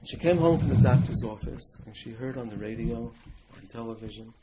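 A man's voice: medium pitch, a little fast. A man giving a talk to a live audience, telling an emotional story and asking the room questions. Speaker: lecturer. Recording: lo-fi room recording with loud hiss.

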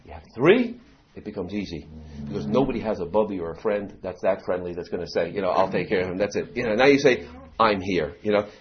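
A middle-aged community speaker with a low voice talks fast and animatedly, acting out anecdotes in a storytelling talk and leaning heavily on "you know" fillers. The recording is dull and lo-fi.

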